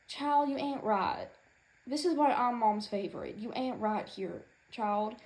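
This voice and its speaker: Sassy high-voiced woman ranting in character. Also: darkish tone, rough recording. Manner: sassy, rambling, indignant, with Southern-style turns of phrase. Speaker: channel creator in character as a proud mother. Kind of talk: comedic in-character rant to camera. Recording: noticeable background noise.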